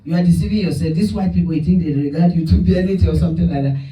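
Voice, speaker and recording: A male pastor with a high, lively voice tells animated stories in his sermon and plays out each person in them. His tone is mellow and warm, and he is heard from a distant mic in a roomy space. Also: rapid-fire. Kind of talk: sermon with storytelling.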